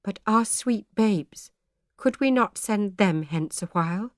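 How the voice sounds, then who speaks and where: A woman voicing a gentle, devout pastor's wife who speaks earnestly and imploringly. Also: mid-range voice, lively intonation, slow, no room sound, studio quality, pitched above the performer's own voice. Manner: earnest, imploring, soft-spoken.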